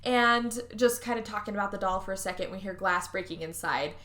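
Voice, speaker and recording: A woman hosting a podcast, recapping a movie in casual chat, animated and swearing, acting out the characters' lines. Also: medium pitch, brisk. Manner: animated, swearing, acts out quotes. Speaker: podcast host.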